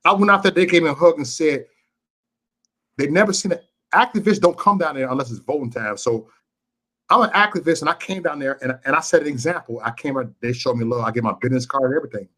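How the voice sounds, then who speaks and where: A man's voice: a little high, fast talker, pushed and bright. A man from Chicago hosting a live talk show, passionate and cursing, stumbling over repeated words when he gets worked up. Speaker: livestream show host. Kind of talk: casual heated call-in talk.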